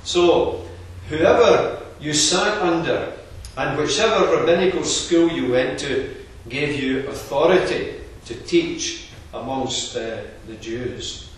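Man preaching, steady and earnest, big echo, mic way off across the hall. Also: a little high, a little hiss or hum. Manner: measured, earnest expository preaching. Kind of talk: sermon. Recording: very echoey, distant room recording.

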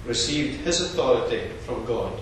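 A preacher delivers an expository sermon in a measured, earnest manner, working through the text point by point, with an animated and fairly bright tone. His voice is at an ordinary pitch and echoes heavily, as if picked up from far off in a large hall with faint room noise beneath.

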